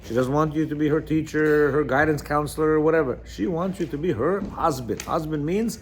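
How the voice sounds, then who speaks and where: A man's voice: fairly high pitch, brisk, slight background noise. A man teaching a lecture on marriage, reading from a text and explaining it in a conversational, emphatic way with frequent asides. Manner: conversational, many "you know" asides, emphatic. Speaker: religious teacher.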